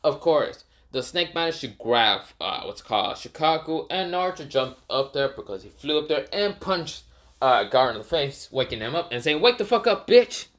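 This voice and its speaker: A man's voice: medium pitch, animated, moderate pace, fairly bright tone. A man casually narrating a made-up fan story, rambling and correcting himself often. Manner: rambling, many fillers, self-correcting.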